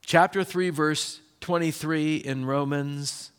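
A man preaching a sermon as pastor, in a lively, conversational way with quick bursts. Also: a little high, smooth.

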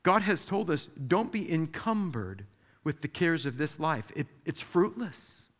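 Guy pastor preaching, kinda high voice, acts out every quote big, long echo like a church hall. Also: sing-song, unhurried. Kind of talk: sermon.

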